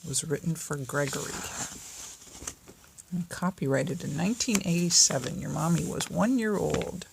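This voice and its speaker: An older woman, a grandmother, gently reading a bedtime story aloud in a home recording. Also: deep voice, normal speed, creaky, background noise.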